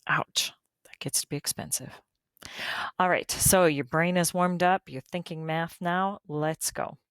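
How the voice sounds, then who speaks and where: Woman math teacher, low voice, dry close sound, chatty and joking, video lesson. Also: fairly even intonation, a little slow, clean tone, no room sound. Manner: chatty, folksy, joking asides.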